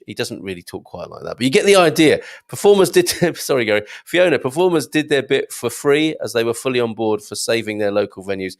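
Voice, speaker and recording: A man's voice: mid-range voice, very animated, a little fast, hardly any pauses. A man hosting a live show, chatting casually and rambling through viewer comments, with many ums and restarts. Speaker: host reading viewer comments. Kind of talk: casual live-stream chat.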